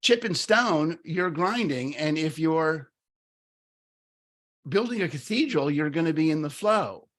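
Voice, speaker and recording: A middle-aged man co-hosting a podcast, talking casually and telling a story, animated, with many fillers and restarts. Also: fairly high pitch, unhurried. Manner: animated, lots of fillers and restarts, acts out quoted voices. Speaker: podcast co-host.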